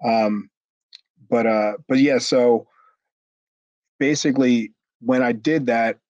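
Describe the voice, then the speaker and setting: A man, a former wrestler, telling a story in a casual interview, animated and profane, acting out what others said. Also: medium pitch, slow pace, no echo, highs cut off. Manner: animated, acts out quotes with raised voice, frequent restarts and swearing.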